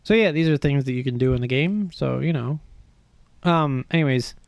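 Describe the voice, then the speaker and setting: A man streaming a game, telling a story in a casual, animated, self-mocking way with swearing. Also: medium pitch, moderate pace, gravelly, dry recording.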